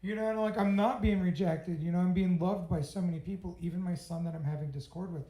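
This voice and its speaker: A middle-aged man with a high, mellow voice tells a personal story to an audience at a quick pace with fairly even intonation. He swears freely, is blunt and candid, and laughs at himself in a self-mocking way. The audio is poor and reverberant.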